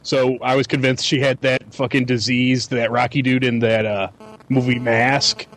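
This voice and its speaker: Midwestern man, casual talker who stumbles over his words, middle pitch. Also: little pitch movement, fairly bright tone. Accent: American Midwest. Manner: halting, repeats words. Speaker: podcast co-host. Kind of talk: casual chat.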